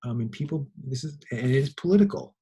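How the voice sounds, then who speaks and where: A middle-aged man, a high school teacher, giving a casual lecture in a rambling, animated storytelling way. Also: quick pace, slight background noise, rough recording. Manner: rambling, animated anecdotes with laughs.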